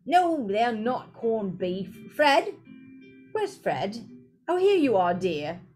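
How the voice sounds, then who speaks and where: A woman voicing a fussy, bustling middle-aged witch mother who calls out loudly to her family. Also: fairly high pitch, sing-song, takes it slowly, soft background music. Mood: fussing.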